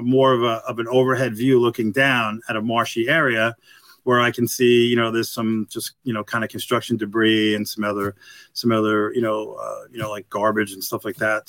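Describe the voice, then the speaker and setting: A man's voice: mid-range voice, a bit bright, no room sound. Middle-aged man telling a rambling story. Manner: rambling and halting, full of "you know" fillers. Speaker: guest, retired police detective. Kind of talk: storytelling in a conversational interview.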